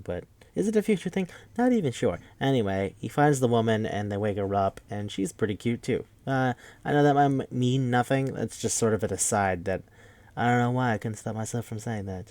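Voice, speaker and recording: A man's voice: fairly low pitch, a little mellow, dry recording. Rambling, profane man recapping a movie. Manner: rambling, profane, acts out characters' lines. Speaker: podcast host.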